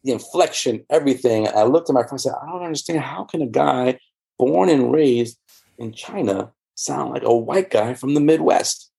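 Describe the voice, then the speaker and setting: A man's voice: mid-range voice, expressive, normal speed, gravelly, warm tone, slightly rough. A man, an interview guest and former church member, recounting his experiences in a rambling, candid way with many fillers and restarts. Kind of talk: candid conversational storytelling.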